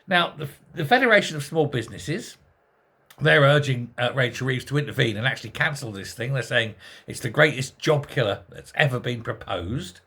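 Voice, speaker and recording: A man's voice: medium pitch, expressive, normal speed, sharp tone, slightly rough. A man hosting a sarcastic, exasperated political commentary monologue full of rhetorical questions. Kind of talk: ranting monologue.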